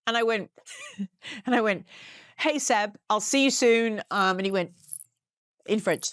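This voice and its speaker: Woman, 50s, interview guest; expressive, slightly high voice, storytelling with cheeky swearing, dry close sound. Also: a little slow, clean tone, no room sound. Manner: animated storyteller, swears freely, acts out quotes. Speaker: guest actor. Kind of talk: casual interview chat. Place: live event at a house.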